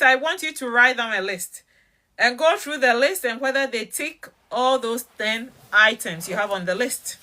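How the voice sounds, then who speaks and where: Woman, motivational speaker, high voice, direct, emphatic, repetitive. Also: sharp tone. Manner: emphatic, repeats key phrases slowly; direct, challenging questions to the listener. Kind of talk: motivational talk on dating.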